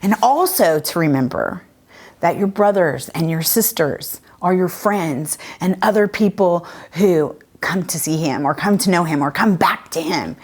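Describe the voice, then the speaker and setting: A woman's voice: lowish voice, lively intonation, measured pace, slightly rough. A woman leading a children's church lesson, telling a Bible story in a chatty, casual way with many fillers. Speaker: children's ministry leader.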